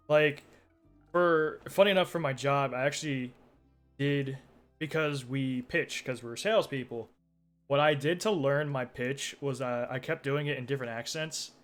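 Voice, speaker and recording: A young man chatting casually on a live stream, laid-back and rambling as he talks with his group. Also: medium pitch.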